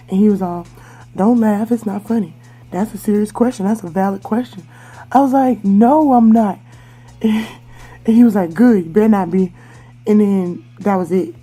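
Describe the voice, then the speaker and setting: Young woman podcast host, candid storyteller, very mellow dark tone, low-ish voice, faint music bed. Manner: candid, chatty, many fillers. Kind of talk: personal storytelling monologue.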